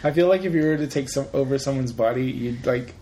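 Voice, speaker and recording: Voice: medium pitch, fast talker, warm tone, a little hiss or hum. A podcast co-host in casual chat, talking hesitantly with many fillers.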